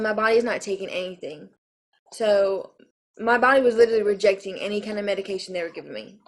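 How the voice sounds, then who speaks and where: A young woman in her twenties from Arizona tells her own story to the camera in a rambling, emotional way, with many fillers and restarts. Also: mid-range voice. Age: 20s. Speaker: vlogger telling her birth story.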